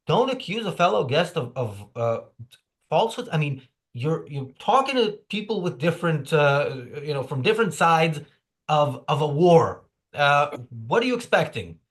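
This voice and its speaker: A man hosting a show, commenting casually on a video clip in a lively, quick way. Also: a little high. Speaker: show host.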